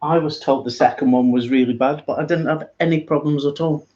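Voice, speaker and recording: A man's voice: a little high, steady tone, a little fast, darkish tone. A man co-hosting a casual livestream, dry and teasing. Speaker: co-host. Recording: dull lo-fi stream audio.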